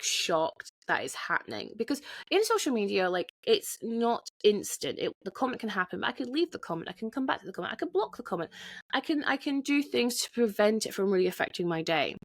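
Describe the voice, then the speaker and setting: A woman hosts her podcast solo in a candid monologue, swearing freely and restarting her sentences often. Her voice is mid-range and the recording has no room sound.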